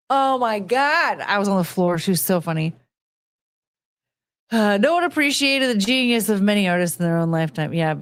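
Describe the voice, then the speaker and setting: A woman's voice: fairly low pitch, dry recording. A woman in her forties hosting a podcast, rambling and chatty, laughing often and swearing casually. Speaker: podcast host. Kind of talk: casual chat.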